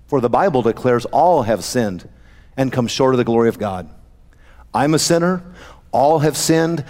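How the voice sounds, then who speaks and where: A man preaching a sermon in a church, his voice sitting a little high for a man. He slows down to stress scripture quotes. The sound rings on in a long hall reverb. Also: a little mellow. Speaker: pastor. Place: church sanctuary.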